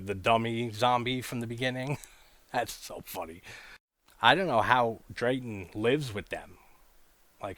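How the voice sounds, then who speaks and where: A man's voice: fairly low pitch, a bit bright, no room sound. A man hosting a casual film discussion, talking with enthusiasm, laughing often and swearing casually. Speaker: horror film reviewer.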